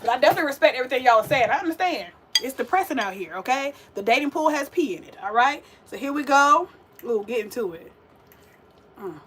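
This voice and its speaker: A woman's voice: high-pitched, lively intonation, quick pace, fairly bright tone, a little hiss or hum. A young woman, chatting sassily and directly to her viewers while cooking on a livestream. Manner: chatty, sassy, talks straight to viewers. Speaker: vegan cooking livestream host. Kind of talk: casual livestream cooking chat.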